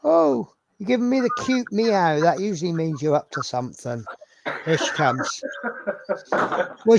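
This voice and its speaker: Chatty man, fairly high voice. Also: sing-song, a little slow, gravelly, slight background noise. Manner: chatty, rambling, self-mocking. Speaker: host of a live model-building stream. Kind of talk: casual live-stream chat.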